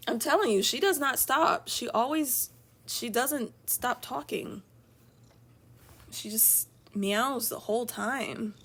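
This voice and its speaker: A woman's voice: a little high, takes it slowly, a bit bright, slightly rough. A young woman chatting casually while she draws on a live stream at home, rambling and laughing often. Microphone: streaming from an iPad.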